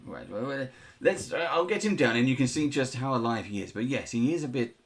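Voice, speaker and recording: A man's voice: medium pitch, lively intonation, fairly quick, natural voice. A man doing a stammering, flustered sanatorium doctor. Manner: stammering, defensive, fussy. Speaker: game master.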